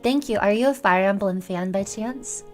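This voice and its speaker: A woman's voice: medium pitch, moderate pace. A young woman hosts a livestream, chatting casually and playfully with her viewers. She rambles and restarts her sentences in a mid-range voice. Faint music plays in the background. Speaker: VTuber streamer.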